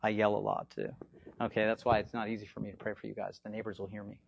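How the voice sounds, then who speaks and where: Animated, slightly hoarse male preacher. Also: fast talker. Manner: animated, swings between loud bursts and low asides; repetitive, conversational, frequent "okay?" check-ins. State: hoarse from frequent yelling. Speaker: faith healing minister. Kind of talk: informal spoken teaching.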